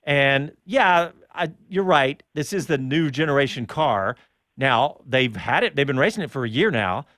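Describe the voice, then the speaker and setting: A man hosting a casual motorsport chat show, talking in an animated, chatty way and laughing often. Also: medium pitch, moderate pace, dry recording, studio quality. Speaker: show host.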